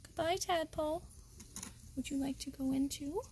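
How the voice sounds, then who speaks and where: A slightly high-pitched woman leads a live nature lesson for children outdoors beside a pond. She explains things cheerfully and keeps turning to her audience. A faint hiss of noise sits under her voice. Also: moderate pace. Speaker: wildlife educator.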